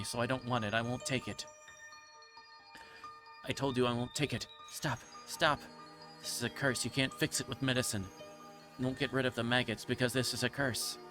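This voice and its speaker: A man's voice: medium pitch, lightly acted. A man streamer reading aloud as a delirious, guilt-ridden young girl, repeating himself in anguish and stumbling over a few words. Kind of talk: dramatic reading of game text.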